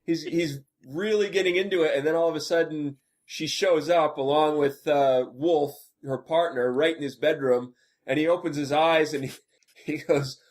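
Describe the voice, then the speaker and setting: Flustered man with a higher voice. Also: steady tone, normal speed. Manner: flustered, stammering with restarts. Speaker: podcast guest. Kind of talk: casual chat.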